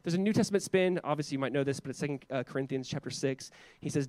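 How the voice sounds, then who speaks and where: A man preaching a sermon as pastor in an animated, conversational way full of casual asides. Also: a little high, fast, few pauses, no echo.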